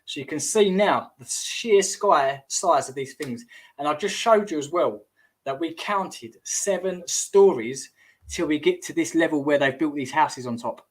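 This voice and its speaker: A man's voice: on the high side, lively intonation, unhurried. A man hosting a casual livestream, rambling and exclamatory, often trailing off and restarting mid-sentence. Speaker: host.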